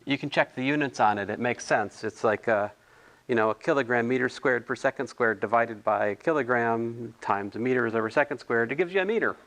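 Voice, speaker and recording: A man's voice: medium pitch, brisk, fairly bright tone. A man tutoring physics homework in a casual, thinking-aloud way, correcting himself and adding chatty asides.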